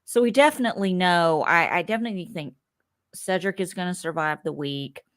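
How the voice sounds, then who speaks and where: A woman's voice: fairly low pitch, fairly quick. A woman co-hosting a casual reality TV recap podcast, talking animatedly, laughing often and acting out what people said. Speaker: podcast co-host.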